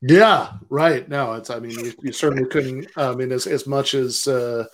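A man hosting a podcast in casual chat, halting and repeating himself with many "you know"s. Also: medium pitch, fairly bright tone. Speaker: podcast host.

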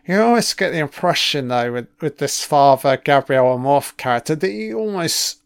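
A man's voice: on the high side, expressive, moderate pace, vocal fry, smooth, no room sound, clean studio sound. A man giving a casual first-watch film commentary, reacting with profane, sarcastic remarks.

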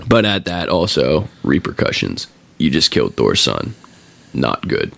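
Gravelly low-voiced man retelling a game. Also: very animated, fairly bright tone. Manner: laughing often, swearing, acting out lines in quick voices. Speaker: podcast host. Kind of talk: casual chat, retelling a game story.

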